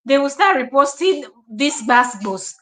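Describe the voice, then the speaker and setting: A woman's voice: high-pitched, lively intonation, moderate pace, bright, forceful tone. Scolding Nigerian woman hosting a live stream. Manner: scolding, emphatic, repetitive. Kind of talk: live-stream reaction commentary.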